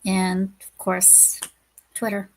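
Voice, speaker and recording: A woman who is a guest on a casual podcast chat, speaking haltingly with many hesitations and restarts. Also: mid-range voice, monotone, darkish tone. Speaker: guest streamer.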